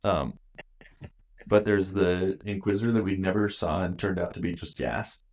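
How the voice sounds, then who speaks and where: A man's voice: low voice, fairly even intonation, moderate pace, a little mellow. A man co-hosting a podcast in casual, joking, rambling chat. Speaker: podcast co-host.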